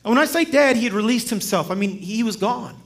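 Man, guest preacher, sermon, storytelling, humorous, chuckling, fairly high pitch. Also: quick pace. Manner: lively, humorous, chuckles while telling stories.

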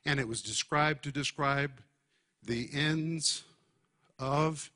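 A man's voice: a little high, sharp tone. Emphatic man teaching a sermon. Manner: emphatic, deliberate teaching with stressed key words. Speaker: Bible teacher.

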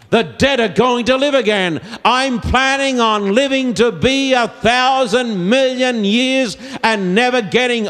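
A man preaching an evangelistic sermon, slow and emphatic, repeating his key phrases. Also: very high voice, fairly bright tone. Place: large auditorium. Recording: long reverb of a big hall.

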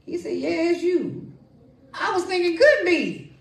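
Lively woman preaching in an echoey church. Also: extremely high pitch, slow pace, gravelly, far from the mic. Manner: lively, call-and-response, folksy. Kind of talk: sermon with testimony and prayer. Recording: echoey room, voice from off-mic.

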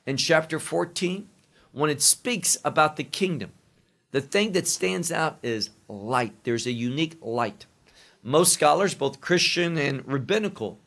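A man preaching a sermon, teaching slowly through a psalm and dwelling emphatically on each quoted verse. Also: mid-range voice, fairly bright tone.

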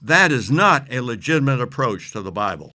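A man teaching on scripture as an interview guest, speaking emphatically and reading verses slowly. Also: medium pitch, big pitch swings, sharp tone.

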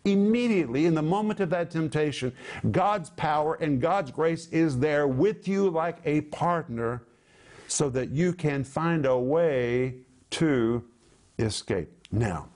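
An emphatic man preaching on a Bible verse, with a fairly high voice for a man. He breaks words down slowly and leans hard on key phrases, and his delivery rises and falls for emphasis. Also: animated, darkish tone. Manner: emphatic, explains Greek words slowly, rising and falling for stress. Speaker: Bible teacher. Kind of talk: televised sermon.

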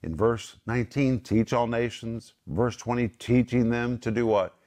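A middle-aged man gives Bible teaching in an emphatic, preacherly way. His pitch sits in a typical male middle range, and he drags out certain words for weight. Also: darkish tone. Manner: emphatic, slows down to stress key words. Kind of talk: Bible teaching with scripture quotes.

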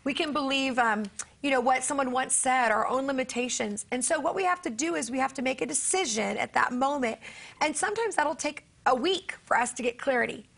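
High, gravelly-voiced woman preacher. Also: a little fast, fairly bright tone. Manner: earnest storytelling, acting out dialogue. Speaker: guest author and preacher. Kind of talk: faith talk show conversation.

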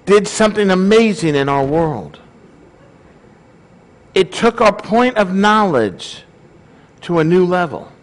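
A man with a high-pitched voice delivers a sermon to his congregation. He talks in an easy, conversational way and keeps checking in with the room by asking questions. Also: animated, takes it slowly, long pauses, rough recording. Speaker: pastor.

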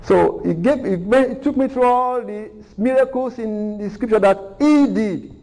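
A man's voice: high voice, measured pace, warm tone, low-quality recording. A man preaching a recorded sermon, earnest and repetitive, asking rhetorical questions.

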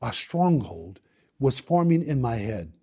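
A man preaching, telling his own story dramatically, with quick bursts and slow, emphatic lines. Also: medium pitch, big pitch swings, dark tone, husky. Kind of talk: sermon testimony storytelling.

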